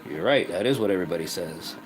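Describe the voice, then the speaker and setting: A man with a very low voice talks casually through rune names as he crafts. He muses aloud, asks himself rhetorical questions and shrugs off his own opinions. Steady noise sits under the recording. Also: quick pace. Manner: musing, self-deprecating, asks rhetorical questions. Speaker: rune craft channel host. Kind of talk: casual explanatory talk while crafting. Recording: noisy home recording.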